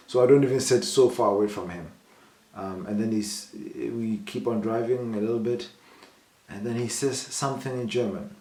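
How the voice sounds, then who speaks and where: A young man from South Africa telling personal stories to camera in a casual vlog, acting out the people he quotes with a raised voice. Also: reverberant. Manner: animated retelling, voices the people he quotes with rising pitch. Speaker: vlogger.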